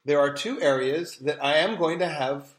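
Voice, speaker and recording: This podcast co-host has a voice on the high side and talks at a moderate pace. He tells stories in casual chat, rambling and restarting his sentences again and again.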